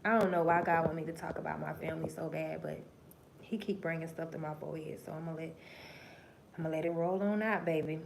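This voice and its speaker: Lady going live, kinda low voice, cussing and preaching at y'all, quiet one sec then loud the next. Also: fairly even intonation, a little fast, creaky, background noise. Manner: profane, preachy storytelling addressing viewers as y'all; swings between low murmurs and loud emphatic bursts. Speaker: livestream host. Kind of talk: casual livestream monologue.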